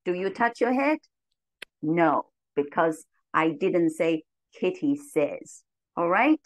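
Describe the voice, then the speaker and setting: Woman, teacher of young learners, cheerful, slow pace, dry close sound. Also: expressive, no room sound, poor audio. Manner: cheerful, slow and clear, with big pitch jumps on commands. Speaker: teacher trainer leading a model lesson. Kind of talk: lively classroom teaching to young children.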